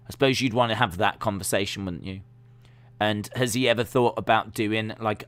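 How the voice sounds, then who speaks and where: A man hosting a wrestling livestream, chatting casually and rambling with lots of fillers and sudden animated bursts. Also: lowish voice, no echo. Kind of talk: casual chat.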